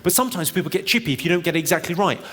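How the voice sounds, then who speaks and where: A man doing stand-up comedy with deadpan, quick one-liners in a large theatre. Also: fairly high pitch. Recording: live theatre with long reverb and loud noise.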